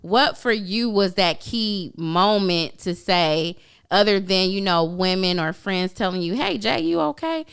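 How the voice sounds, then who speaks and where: A woman's voice: fairly low pitch, fairly even intonation, a little slow, a bit bright, clean tone. A woman hosting a faith podcast, asking encouraging, affirming questions. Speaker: podcast host. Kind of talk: casual faith talk interview.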